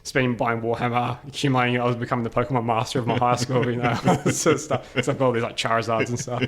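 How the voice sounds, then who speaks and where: A man's voice: medium pitch, level tone, very fast. A man as a podcast guest, telling stories casually and animatedly, laughing often and using many fillers. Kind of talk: casual storytelling interview.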